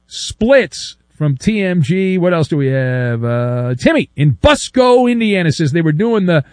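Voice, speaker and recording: A man's voice: a little high, no echo, clean studio sound. A middle-aged man hosting a talk radio show, joking and rambling with lots of fillers. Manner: animated, jokey, rambling with many fillers. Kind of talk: casual talk radio banter. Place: radio studio. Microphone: studio microphone.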